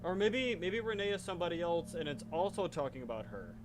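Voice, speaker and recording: Animated, rambling male gamer. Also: high-pitched, brisk, background noise. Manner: rambling, self-mocking, reacting aloud. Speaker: let's play host. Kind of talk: let's play commentary.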